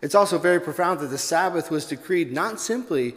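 A man's voice: fairly high pitch, lively intonation, brisk, a bit bright. Man preaching in an echoing church. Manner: storytelling a joke, then earnest preaching. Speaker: pastor. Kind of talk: sermon.

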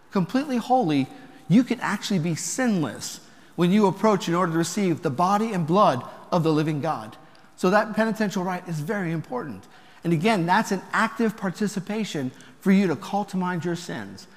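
A man preaching a sermon as a priest, talking conversationally with rhetorical questions and gentle humor. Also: sits high, animated, normal speed. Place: church. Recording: long reverb of a church.

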